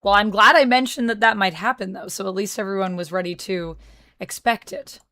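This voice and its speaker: A woman's voice: medium pitch, steady tone, fairly quick, bright, forceful tone, no room sound. Chatty Canadian woman streamer, dry sound. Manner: chatty, reads chat messages aloud and answers them. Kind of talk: casual live-stream chat.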